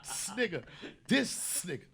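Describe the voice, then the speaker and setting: A man hosting a comedy podcast, telling stories in a casual, profane way and bursting into loud shouted bits. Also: high-pitched, big pitch swings, slow pace, creaky, crowd noise.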